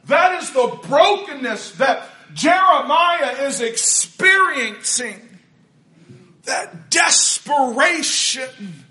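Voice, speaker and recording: Man, pastor, sermon, bright tense voice, shouted emphasis. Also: very high voice, sing-song, extremely slow. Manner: preaching with rising shouted emphasis.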